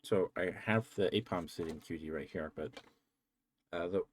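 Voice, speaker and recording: A man's voice: low voice, moderate pace, slight background noise. A man streaming, telling rambling stories in a casual, chatty way and breaking into laughs.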